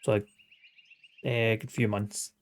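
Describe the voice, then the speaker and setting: Streaming a game, a man in his late thirties reads its dialogue aloud and adds wry, sweary, chuckling asides in casual let's-play style. His lowish voice shows little pitch movement and runs a little slow.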